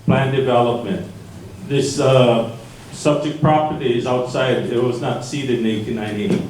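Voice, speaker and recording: A man giving formal, measured legal testimony at a planning meeting. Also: mid-range voice, a little mellow, a little hiss or hum. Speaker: public commenter at a planning meeting. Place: public meeting hall. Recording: echoey meeting room from far off.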